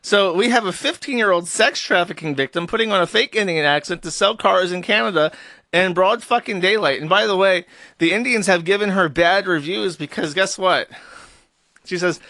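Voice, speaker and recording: Guy streamer ranting, sarcastic and sweary, high bright voice, dry close sound. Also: animated, normal speed, dry recording. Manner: sarcastic, profane, agitated. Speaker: streamer host. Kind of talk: ranting live-stream commentary.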